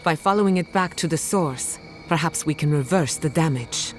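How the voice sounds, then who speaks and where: Actor voicing a grave measured adviser, mid pitch, faint music behind, game dialogue. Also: close to an everyday voice. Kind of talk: video game voice acting.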